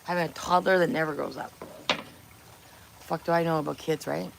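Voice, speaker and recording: A woman's voice: sits low, steady tone, fairly quick, vocal fry, background noise. A woman hosting a casual livestream from her kitchen, chatting bluntly with viewers and swearing freely. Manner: blunt, profane, teasing chat. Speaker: livestream host. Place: home kitchen.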